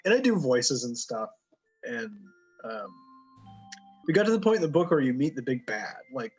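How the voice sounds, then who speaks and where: A man's voice: mid-range voice, sing-song, normal speed, husky, muffled recording, faint music behind. A man co-hosting a video game commentary in casual chat, rambling and laughing often.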